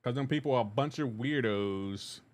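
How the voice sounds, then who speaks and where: Male streamer, relaxed and rambling, mid-range voice, reads chat aloud between plays. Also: mid-range voice, moderate pace. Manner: laid-back, reads chat messages aloud and answers them; rambling with frequent restarts and asides to gameplay. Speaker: live streamer. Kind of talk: casual gaming livestream chat.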